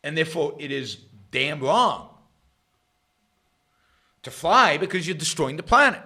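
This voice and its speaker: A middle-aged man hosting a political talk livestream, sarcastic and rambling, jumping between loud emphasis and quiet muttered asides. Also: a little high, very animated, unhurried, breathy edge. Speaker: host of a political talk show. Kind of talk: livestream commentary.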